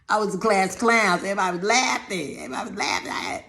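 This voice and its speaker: A woman telling a personal story in a talk, animated, acting out other people's voices and often repeating words. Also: medium pitch, moderate pace, pauses often, reverberant. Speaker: speaker giving a talk.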